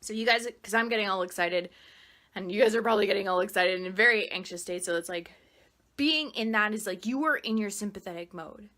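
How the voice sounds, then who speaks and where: A woman explaining meditation in a casual, gushing way, swearing freely and saying "like" a lot, then dropping soft and quiet to count a guided breathing exercise. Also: mid-range voice, fast talker. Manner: drops soft and quiet when guiding the breaths. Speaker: meditation teacher.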